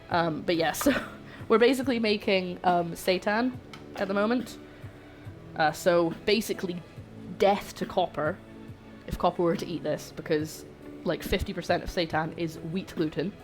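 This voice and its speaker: Chatty woman cooking on stream. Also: medium pitch. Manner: chatty, greets viewers warmly, jokey asides. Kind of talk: casual livestream chat while cooking. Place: home kitchen.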